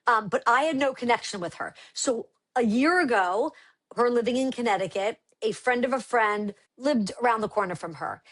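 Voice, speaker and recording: A middle-aged woman, a brand founder, telling lively stories as a guest on a casual podcast and acting out quotes. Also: fairly high pitch, moderate pace. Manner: animated storyteller acting out quotes.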